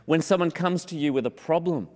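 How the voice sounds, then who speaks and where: A man preaching a sermon in an earnest way, slowing down on scripture and repeating key phrases for emphasis. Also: fairly high pitch, dark tone. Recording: long hall reverb.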